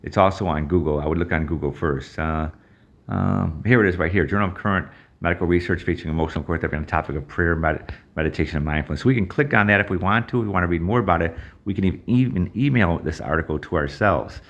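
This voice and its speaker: A man presenting and demonstrating an app in a halting, casual walkthrough with many fillers and restarts. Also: low-pitched, creaky, muffled recording. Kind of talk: screen-share app walkthrough.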